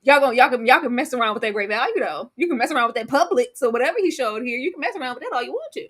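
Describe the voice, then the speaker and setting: Animated high-voiced Southern woman. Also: husky. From Texas. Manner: animated, laughing, drawn-out emphasis. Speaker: panel co-host. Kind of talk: casual chat reacting to viral clips.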